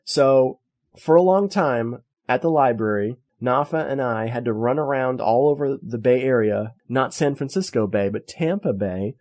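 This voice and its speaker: Animated jokey man co-hosting a podcast. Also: mid-range voice, normal speed. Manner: animated, jokey storyteller who acts out quotes. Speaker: podcast co-host. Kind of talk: casual movie review chat.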